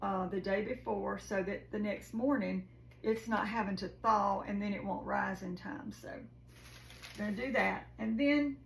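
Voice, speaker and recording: A woman with a slightly high, gravelly voice talks her viewers through her holiday cooking plans in a homey, chatty way. She is recorded in a home kitchen with a roomy echo and a faint hum of room noise behind her. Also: a little slow. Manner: homey and chatty, says "y'all". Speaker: cooking vlogger. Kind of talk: casual cooking chat.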